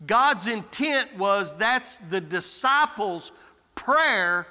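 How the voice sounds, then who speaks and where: High, bright male preacher. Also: lively intonation, slow pace, long reverb tail. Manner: exhorting, calls out to the congregation. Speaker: guest preacher. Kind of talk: sermon. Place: church sanctuary.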